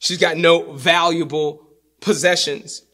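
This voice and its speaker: A man preaching a sermon, repeating his key lines for emphasis and dropping his voice low to drive a point home. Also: fairly even intonation, takes it slowly, pushed and bright.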